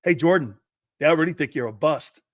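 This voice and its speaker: Brash profane sports talk host, dry sound. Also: male voice, a little high, animated, a little fast, no echo. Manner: brash, profane, acts out quoted conversations. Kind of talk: sports radio monologue.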